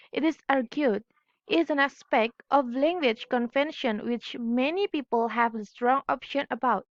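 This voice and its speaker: A woman's voice: high-pitched, no echo. A young woman whose first language is Indonesian, reading a class presentation carefully and correcting her own slips. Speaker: student presenter. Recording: dull lo-fi recording.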